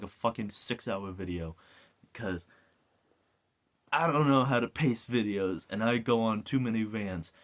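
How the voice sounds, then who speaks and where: Animated, swearing man ranting. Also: medium pitch. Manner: animated, swears a lot, goes off on rants. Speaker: video reviewer. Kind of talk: casual ranting review.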